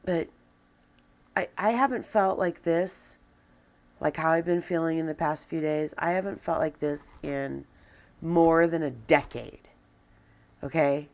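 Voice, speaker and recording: Slow, low-voiced woman venting, halting. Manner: halting, hesitant, with many restarts; subdued and downcast. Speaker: vlogger. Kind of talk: personal venting to camera. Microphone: camera with a person filming.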